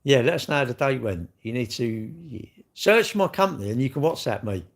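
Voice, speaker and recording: A man's voice: mid-range voice, animated, fairly quick, creaky. An older man, chatting casually with viewers on a livestream, blunt and joking, swearing freely. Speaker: livestream host.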